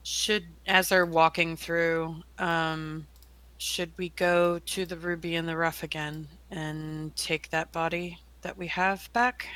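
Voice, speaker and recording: Tabletop player, bright voice, eager casual chat. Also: mid-range voice, flat delivery, slow, clean tone, no echo.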